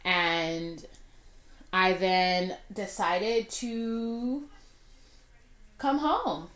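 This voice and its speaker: A woman's voice: mid-range voice, fairly bright tone. Chatty young woman in an echoey room. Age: 20s. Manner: chatty, many fillers, drawn-out asides. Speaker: vlogger. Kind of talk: casual storytelling while doing makeup.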